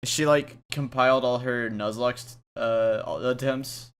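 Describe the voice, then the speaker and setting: A young man co-hosting a casual podcast speaks with a medium-pitched, clean, fairly bright voice, keeping his intonation fairly even and his pace unhurried. He rambles through stories, restarting often, using many fillers and giggling a lot.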